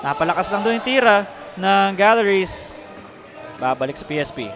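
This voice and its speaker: High-voiced Filipino basketball play-by-play man. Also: lively intonation, a bit bright. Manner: brisk, switches between English and Filipino mid-sentence. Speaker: play-by-play commentator. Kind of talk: live basketball commentary.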